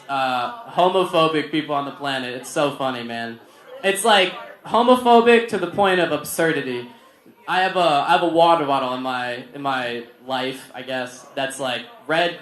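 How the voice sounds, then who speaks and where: A young man performing a stand-up comedy set at a barbecue restaurant, acting out other people in raised, animated voices. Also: fairly high pitch. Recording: roomy venue with laughter.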